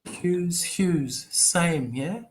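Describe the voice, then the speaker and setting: A man's voice: on the high side, extremely slow. A man teaching English over a video call, playful and encouraging, joking as he coaches pronunciation. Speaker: English tutor. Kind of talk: casual online lesson.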